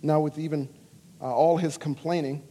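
High-voiced male pastor preaching in a hall. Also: normal speed, a little hiss or hum. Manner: earnest, animated preaching with dramatic quoted voices. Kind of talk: sermon.

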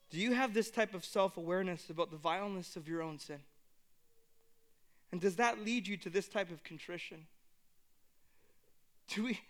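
A man preaching a sermon, earnest, moving between hushed reflection and emphatic exhortation. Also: sits high. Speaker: pastor.

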